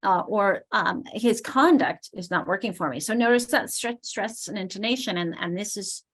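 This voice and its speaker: A woman's voice: mid-range voice, moderate pace, a bit bright. A middle-aged woman leading a teacher training, explaining ideas as she goes with frequent restarts. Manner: explanatory, thinks aloud with restarts. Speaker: literacy trainer.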